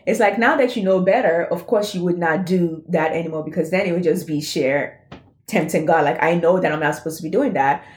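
A woman in a casual faith chat, animated and laughing often as she acts out voices. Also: lowish voice, brisk. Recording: roomy echo.

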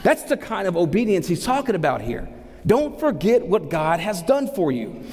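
Man, pastor, sermon, animated, rhetorical questions, slightly high voice, echoing sanctuary. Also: normal speed. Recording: long hall reverb.

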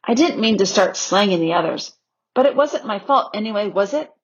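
A woman reading aloud and voicing an earnest young girl, speaking high, breathless and pleading, on a slightly dull recording. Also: lively intonation, brisk, slightly rough. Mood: eager, pleading.

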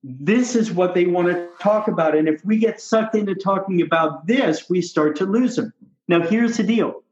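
A doctor coaching on how to talk with patients, a man with a slightly high voice who makes his points with emphatic repetition. The sound is roomy and a little dull. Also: normal speed, darkish tone.

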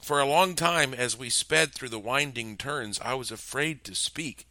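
A man narrating a first-person story in a lively, tense storytelling manner. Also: mid-range voice, unhurried, no echo.

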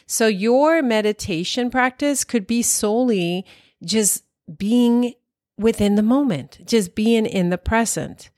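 A middle-aged woman teaching a simple meditation method in a soft, calm way, drawing out her phrases. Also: mid-range voice, no room sound, clean studio sound. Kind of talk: guided meditation talk.

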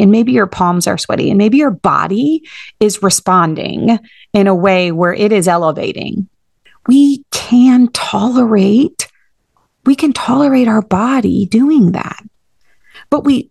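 A woman's voice: mid-range voice, no echo, studio quality. A woman hosting a solo podcast as a therapist, talking straight to the listener and calling them friend. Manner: warm direct address, calls listener friend.

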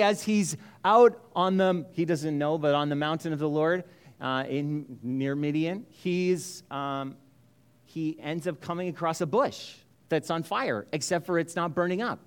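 A man's voice: fairly high pitch, expressive, moderate pace, smooth. A male pastor telling a story in a sermon, casual and joking, with many restarts.

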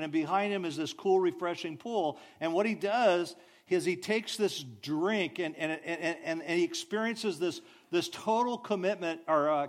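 A man preaching a sermon, telling stories with animated delivery and soft, drawn-out sighs. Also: sits high. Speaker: pastor.

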